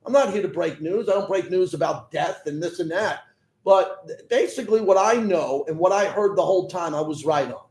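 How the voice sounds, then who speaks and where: Combative high-voiced sports radio host. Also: male voice, lively intonation, brisk, a little mellow, roomy sound, poor audio. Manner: combative, fires rhetorical questions. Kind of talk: sports talk radio, arguing with callers.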